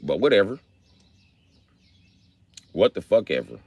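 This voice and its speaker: A man on a livestream rants in a rambling, profane comic monologue. His voice swings widely up and down in pitch as he tells the story. The sound is dry and close. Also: big pitch swings, measured pace, darkish tone, husky, no echo. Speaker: livestream host. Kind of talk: comedic livestream rant.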